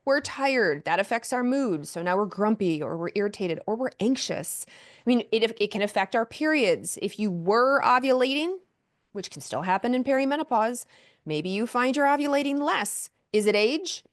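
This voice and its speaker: A woman doctor speaks as a podcast guest. She explains her subject in a lively way and now and then slips into the inner voices of the people she describes. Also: fairly high pitch, normal speed. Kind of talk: casual interview conversation.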